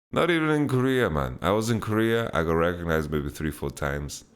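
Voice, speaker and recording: A man's voice: deep voice, very animated, a little slow, clear, resonant tone. A man hosting a casual Q&A podcast, answering viewer questions bluntly and laughing them off. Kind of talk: casual chat, Q&A.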